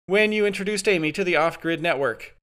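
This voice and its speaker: Man doing a domineering interrogator, brusque and insistent, bright edge. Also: sits high, fairly quick, clear, resonant tone, voice pushed up. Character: impatient, domineering male interrogator.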